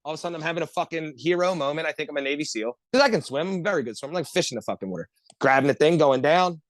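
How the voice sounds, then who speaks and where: A man tells a rambling story to his friends on a podcast, cursing freely and piling one clause on top of the next. He talks very fast in a slightly raised voice. The recording is dry and close. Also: fairly high pitch, no echo. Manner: profane, animated, rambling storyteller. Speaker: podcast co-host. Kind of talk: casual storytelling among friends.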